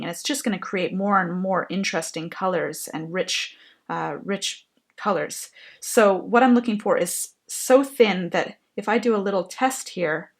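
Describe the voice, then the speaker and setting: A woman explaining a painting technique while she works, in a gentle, thoughtful way. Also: medium pitch. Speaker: painting instructor. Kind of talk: painting tutorial narration.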